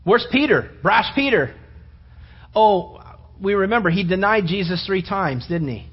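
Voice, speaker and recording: A man preaching a sermon, telling the story with animated storytelling and acting out the disciples' voices. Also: sits high, a little slow, slightly rough, highs cut off. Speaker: pastor.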